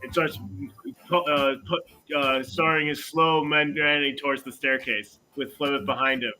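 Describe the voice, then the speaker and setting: A man playing a tabletop role-playing game, narrating his characters' actions in a rambling, halting way. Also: mid-range voice, fairly even intonation, sharp tone, soft background music. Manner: rambling, halting with fillers and restarts. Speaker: player.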